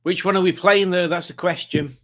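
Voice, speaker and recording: A man's voice: high-pitched, steady tone, fairly quick. Male stream host; rambling, self-mocking banter, casual and jokey. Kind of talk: casual livestream chat.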